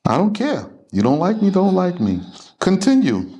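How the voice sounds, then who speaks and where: A man's voice: high voice, wildly swooping pitch, normal speed, warm tone. A man teaching a religious class in an emphatic, confrontational lecturing manner.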